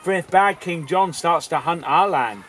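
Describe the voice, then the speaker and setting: A man's voice: fairly high pitch, moderate pace, fairly bright tone, faint music behind, natural voice. A man voicing frightened village folk who fret and hurry their words. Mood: fearful.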